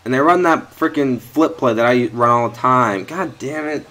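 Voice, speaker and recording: Pushed and bright, this medium-pitched male voice moves at a moderate pace. It belongs to a young gaming YouTuber giving live commentary on his own football video game, frustrated and swearing at his players. He's close to a headset or desk mic.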